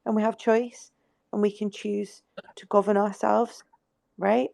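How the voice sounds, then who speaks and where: A woman with a gravelly, fry-edged voice, calming someone down in a casual chat. She speaks in a soothing, reassuring way and swears freely. The sound is close and dry. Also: medium pitch, measured pace, dry recording. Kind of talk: casual live group chat.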